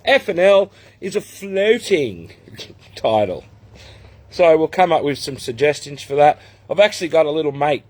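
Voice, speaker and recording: A man's voice: mid-range voice, darkish tone, no echo. A man with an Australian accent, hosting a casual live stream, chatting and laughing as he greets viewers by name from outside at the back of his house. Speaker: host. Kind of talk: casual livestream chat. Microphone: laptop.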